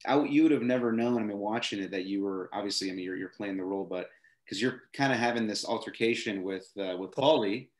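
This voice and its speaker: A man with a low voice interviews a guest, asking halting questions full of fillers. The recording is echoey, as if in a bare room. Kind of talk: casual interview.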